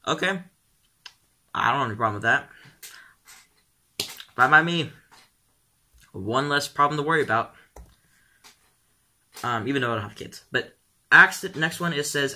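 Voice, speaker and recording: A man's voice: medium pitch, lively intonation, moderate pace, long pauses, sharp tone. A teenage boy vlogging casually, rambling and filling his talk with um and like. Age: teens. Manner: rambling, full of "um" and "like". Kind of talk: casual vlog commentary.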